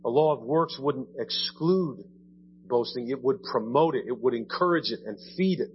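A man's voice: mid-range voice, moderate pace, highs cut off, a little hiss or hum. Conversational man preaching a sermon. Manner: conversational preaching, frequent "right?" asides, repeats words. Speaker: pastor. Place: church sanctuary.

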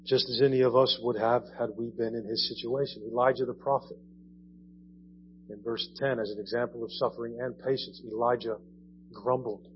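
A man's voice: medium pitch, flat delivery, moderate pace. A man preaching a sermon in a conversational way, repeating phrases and rising in emphasis. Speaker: pastor. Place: church. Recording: dull audio with faint hum.

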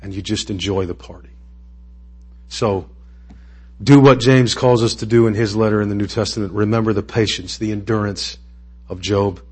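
A man's voice: fairly low pitch, fairly even intonation, normal speed, long pauses, husky. A man preaching a sermon in a conversational, emotional way that rises to impassioned peaks. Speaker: pastor.

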